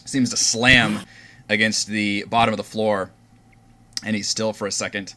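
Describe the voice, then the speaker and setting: Slow, bright-voiced man running the game. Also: on the low side, little pitch movement. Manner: slow, deliberate descriptive narration. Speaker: game master. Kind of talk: narrating a tabletop game.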